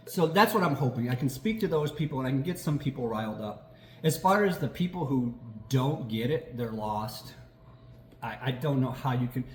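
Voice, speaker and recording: A man hosting a casual political chat, animated and quick to laugh, swearing and acting out quotes as he talks. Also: mid-range voice, echoey room, a little hiss or hum. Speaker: podcast host.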